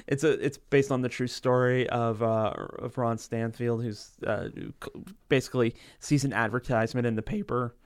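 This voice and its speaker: A man's voice: medium pitch, fairly even intonation, normal speed, clear, resonant tone, dry recording, clean studio sound. A man who hosts a film podcast and reviews movies, talking thoughtfully with frequent hesitations. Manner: thoughtful, hesitant, many fillers. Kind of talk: casual chat about films.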